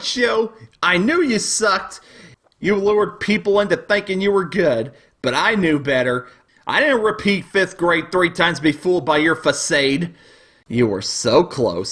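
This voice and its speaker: A shrill, overreacting southern critic whose voice never seems to have broken, as a man puts him on. He rants in high, wildly swinging outbursts with a slightly husky edge, the stock loudmouth of a comedic web review sketch. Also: full character voice. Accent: Southern US, put on. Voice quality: high, unbroken-sounding voice. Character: whiny hotheaded young southern cartoon-critic man.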